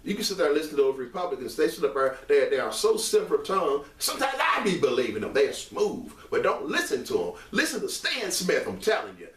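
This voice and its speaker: A man delivering an impassioned monologue straight to camera, emphatic and repetitive, rising to raised outbursts and settling into earnest quieter stretches. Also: on the high side, sing-song, quick pace, few pauses, distant mic. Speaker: online commentator. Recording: echoey room, mic set back.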